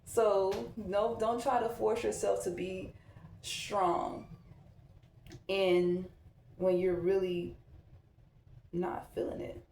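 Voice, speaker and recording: Candid mom chatting while getting ready. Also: female voice, mid-range voice, flat delivery, slow pace, vocal fry, long pauses, darkish tone, a little hiss or hum. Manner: candid, reflective, loose conversational delivery. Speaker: vlogger, mom. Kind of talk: casual get-ready-with-me chat. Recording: echoey room.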